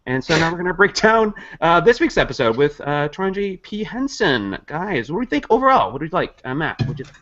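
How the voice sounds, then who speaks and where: Animated, jokey man hosting a podcast. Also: on the high side, fast talker, dull audio. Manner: playful, jokey banter. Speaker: guest host. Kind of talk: casual comedy podcast chat.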